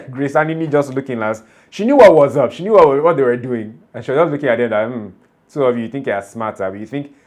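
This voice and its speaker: A man, talking through a show episode in a casual, animated way and often breaking into laughter. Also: mid-range voice. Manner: chatty, animated, laughs often while recapping. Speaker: TV show reaction vlogger. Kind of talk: casual episode recap and commentary.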